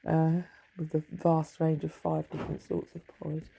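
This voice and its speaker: A woman's voice: sits low, completely flat delivery, moderate pace, creaky, mellow, slightly rough, rough recording. A middle-aged woman chatting in a rambling, wry way at home, swearing freely. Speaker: vlogger. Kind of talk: rambling casual monologue. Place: home bedroom.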